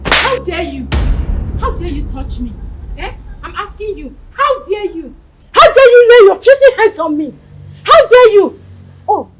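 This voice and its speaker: A woman's voice: extremely high pitch, a little hiss or hum, heavily acted, low-quality recording. An actress with a Nigerian accent playing a furious wife who scornfully confronts her husband in a film drama.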